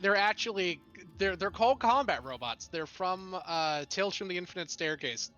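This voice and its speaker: A man's voice: sits high, expressive, moderate pace, sharp tone, muffled recording, soft background music. A man narrating a tabletop game as game master, loose and laughing, with lots of fillers.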